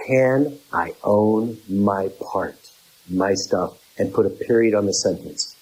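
A middle-aged man delivers a sermon in a low, unhurried voice. He walks through numbered points, repeating key phrases, and briefly jumps to a high pitch to mimic other people's objections. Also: darkish tone, slightly rough, poor audio. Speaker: preacher.

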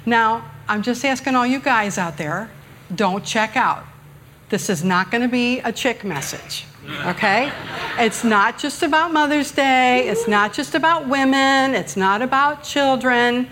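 A woman's voice: on the high side, unhurried, fairly bright tone, a little hiss or hum. Chatty, joking woman preacher. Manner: humorous, self-deprecating, chatty with the congregation. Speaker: guest speaker preaching at church. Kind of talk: conversational sermon. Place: church sanctuary.

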